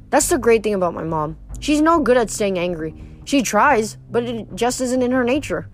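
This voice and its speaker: A woman's voice: on the high side, lively intonation, normal speed, soft background music. A woman reading a novel aloud expressively, with occasional slips and restarts. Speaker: reader.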